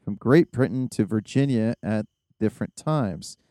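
A man hosting a podcast in casual chat, rambling and excitable with many fillers. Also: on the low side, moderate pace, no room sound, clean studio sound. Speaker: podcast host.

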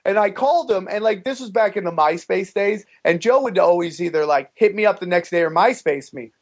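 A comedian telling a story in casual chat, animated and profane, acting out the people in it. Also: male voice, sits high, brisk. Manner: animated, profane, acts out the voices in his stories. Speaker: stand-up comedian, guest.

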